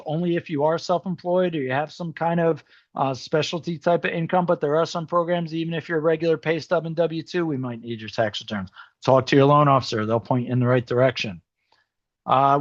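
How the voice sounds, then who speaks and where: A man's voice: on the high side, no room sound, muffled recording. Conversational man presenting a home-loan seminar. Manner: conversational, many fillers, checks in with "okay?". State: voice starting to go. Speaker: mortgage specialist presenting a seminar. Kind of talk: explaining to an audience, informal presentation.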